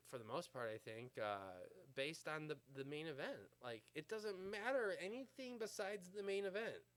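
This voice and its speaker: A man's voice: on the high side, a bit bright. Rambling, profane man in his thirties. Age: 30s. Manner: profane, rambling, full of fillers. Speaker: vlogger. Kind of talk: casual rant to camera.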